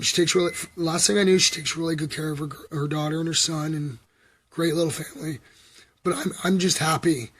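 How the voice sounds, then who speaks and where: A man's voice: fairly high pitch, slightly rough. A Canadian man telling a long personal story on a livestream, talking loosely with lots of ums and likes. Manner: filler-heavy, meandering, frequent ums and likes. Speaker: livestream host.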